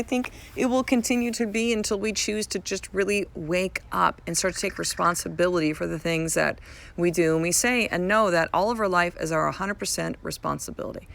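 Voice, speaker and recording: A woman's voice: fairly low pitch, fairly even intonation, a little fast, vocal fry, a bit bright. A woman in her thirties hosting a podcast from home, talking frankly and repeating herself for emphasis, swearing casually. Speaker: podcast host. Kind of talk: casual motivational podcast talk. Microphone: podcast mic.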